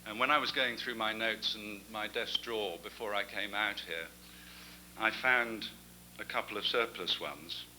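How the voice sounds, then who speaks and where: A man's voice: on the low side, a little slow, noisy background. An older man with an English accent giving a genial, anecdotal after-dinner speech as the guest speaker.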